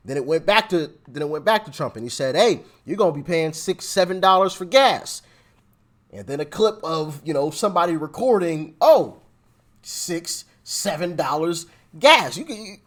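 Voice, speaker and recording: Hyped-up guy reacting to clips, highish voice, all over the place. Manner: excitable, hyping and teasing. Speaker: reaction channel host. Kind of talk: casual commentary on clips.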